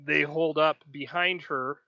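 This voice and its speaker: A man narrating a tabletop role-play game as game master, describing scenes in lively detail. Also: fairly high pitch, a little slow, gravelly, dry recording, lo-fi sound.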